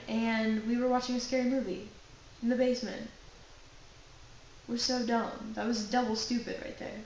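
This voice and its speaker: A young woman spins a funny anecdote for her class, chatty and full of asides. Her voice sits a bit high and bounces around a very echoey room, with a faint hiss underneath. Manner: animated, chatty storytelling with many asides. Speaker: acting class student. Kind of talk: personal anecdote told to a class.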